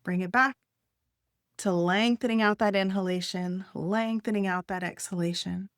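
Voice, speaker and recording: Gentle woman guiding a breathing exercise. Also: medium pitch, fairly even intonation, no echo, clean studio sound. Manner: gentle, encouraging, unhurried guidance with soft laughs. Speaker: wellness instructor.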